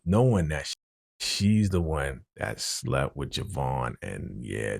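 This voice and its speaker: A man giving a casual, animated recap of a TV episode, talking in slang and filling his speech with "you know.". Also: a bass voice, creaky, dry recording, studio quality. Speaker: TV episode reaction host.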